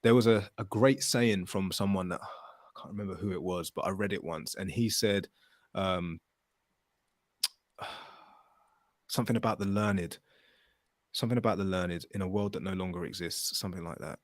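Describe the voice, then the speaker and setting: A man hosting a podcast, talking in an animated, casual way, swearing and telling stories with acted quotes. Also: low voice, moderate pace, pauses often, dry recording, clean studio sound. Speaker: podcast host.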